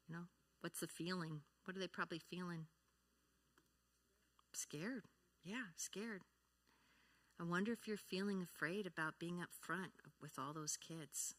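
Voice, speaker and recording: A woman's voice: lowish voice, sing-song, unhurried, long pauses, pushed and bright. A woman speaking at a church, teaching about feelings and grief, often asking the audience questions and acting out example replies. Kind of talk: teaching talk to a congregation.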